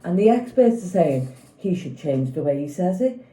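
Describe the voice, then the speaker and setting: This vlogger is a woman in her fifties whose lowish voice sounds dark and mellow, and she speaks at a normal speed in a very animated way. In an echoey room, she rambles opinionatedly about a TV show and keeps asking "do you know what I mean."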